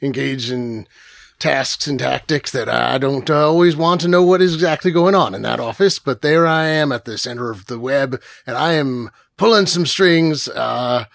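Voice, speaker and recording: A man's voice: medium pitch, normal speed, vocal fry, fairly bright tone, dry recording. A man voicing a secretive male county clerk in a tabletop role-play podcast, rambling with sly asides.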